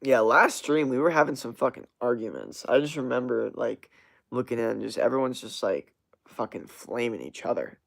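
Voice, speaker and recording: A young man hosting a livestream chats casually and reacts to viewer comments, rambling, swearing, and animated, with plenty of fillers. His voice is mid-range and creaky at a normal speed.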